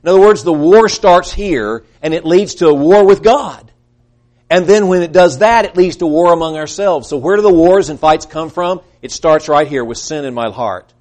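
Earnest preacher with a slightly high voice. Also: male voice, lively intonation, normal speed. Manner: earnest, rising to emphatic peaks, trailing off quietly; acts out quoted voices in his preaching. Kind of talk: sermon.

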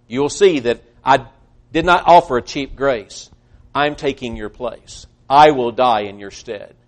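A man preaching a sermon earnestly, swinging between loud emphasis and hushed, quiet passages. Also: medium pitch, a little slow. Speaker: pastor.

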